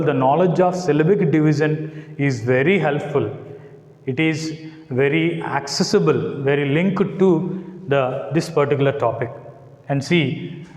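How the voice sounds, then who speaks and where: A man's voice: fairly high pitch, darkish tone, roomy sound, big-room sound, poor audio. A man with an Indian English accent, giving a classroom lecture as a college English teacher, spelling out letters and checking with his students. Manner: slow and deliberate, spells out letters, checks with "got it?".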